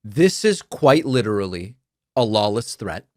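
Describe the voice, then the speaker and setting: A man's voice: fairly low pitch, big pitch swings, measured pace, dry recording, studio quality. A man hosting a political commentary show, speaking emphatically and argumentatively, whose first language is Spanish.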